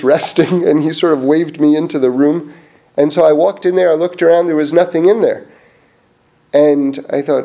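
Animated man telling stories, mellow voice. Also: a little high. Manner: animated, laughs often, restarts sentences. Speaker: storyteller sharing Torah teachings. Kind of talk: casual storytelling talk.

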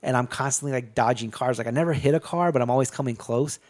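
A man talks through a film's plot in loose, casual chat. His pitch sits in a middling range, and his delivery rambles with lots of swearing and false starts. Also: quick pace, darkish tone. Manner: rambling, profane storytelling with many restarts. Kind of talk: casual movie recap chat.

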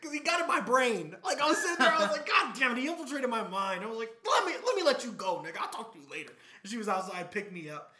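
Animated man telling a story. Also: quick pace, echoey room. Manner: animated storyteller, swings between loud and low mumbles. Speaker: podcast co-host. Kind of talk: casual chat.

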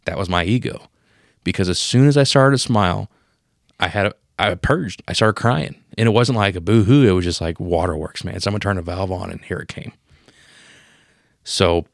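A man in his thirties telling a personal story on a podcast, emotional and profane, marking each scene change with a sudden boom. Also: normal speed, gravelly, pauses often, no room sound, studio quality. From Pennsylvania. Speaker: podcast co-host. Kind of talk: casual storytelling.

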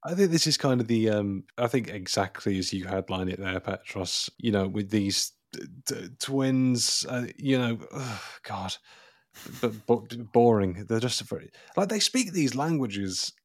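A man co-hosting a casual film podcast, agreeing and talking in halting, hesitant phrases. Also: lowish voice, lively intonation, no echo, studio quality. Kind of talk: casual film-review chat.

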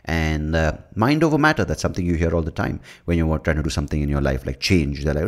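Deep-voiced male podcast host; loose, meandering solo talk full of fillers and casual swearing, recorded close to the mic. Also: fast talker. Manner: rambling, with many fillers and restarts; swears freely. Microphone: leaning in close to the mic.

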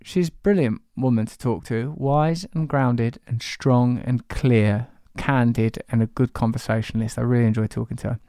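A man's voice: medium pitch, steady tone, moderate pace, hardly any pauses, warm tone, clean tone, no room sound, studio quality. Playful man hosting a podcast. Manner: playful, jokey, rambling. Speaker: podcast host. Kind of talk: casual podcast intro and banter.

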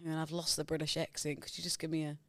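A man's voice: on the high side, completely flat delivery, racing, sharp tone, dry recording. A man in his thirties co-hosting a comedy podcast in casual banter, playful and jokingly boastful. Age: 30s. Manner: playful, self-mocking, boastful in jest. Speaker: podcast co-host.

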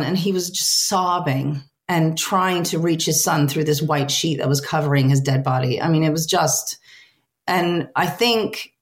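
A woman with a notably low, deep voice speaks as an interview guest. She is a film translator. She talks earnestly and reflectively, stopping often to search for the right words. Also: a little slow.

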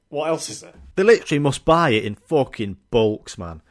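A man's voice: medium pitch, expressive, normal speed. A young man hosting a podcast, rambling through a sweary, jokey comic monologue. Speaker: podcast host. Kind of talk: casual comedic monologue.

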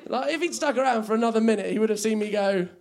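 Male comic, high pitch, gravelly fry, rambling self-deprecating stand-up. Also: very fast, background noise. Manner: rambling, self-mocking, laughing at his own jokes. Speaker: stand-up comedian. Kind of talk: stand-up comedy set.

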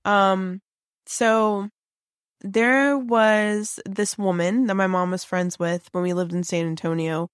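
A woman's voice: medium pitch, steady tone, slow pace, smooth, no room sound, clean studio sound. Chatty woman telling a creepy story. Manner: chatty, many fillers and restarts. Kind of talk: casual spooky storytelling.

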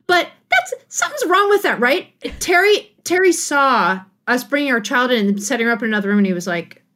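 A middle-aged woman, a guest author on a podcast, telling a personal story in a casual, animated way and laughing often. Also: sits high, a little fast. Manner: animated, laughing, acts out quotes.

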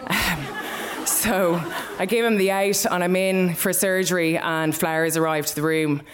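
A woman's voice: on the low side, steady tone, a little slow, slight background noise. A young Irish woman telling a personal story live, in a candid, conversational way with plenty of swearing.

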